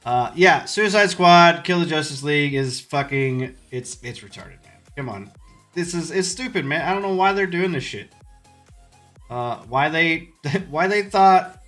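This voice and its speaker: A man's voice: on the high side, expressive, a little slow, fairly bright tone, faint music behind. A man hosting a gaming podcast, ranting heatedly with constant profanity and repeated phrases. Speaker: podcast host. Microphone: podcast mic, live stream.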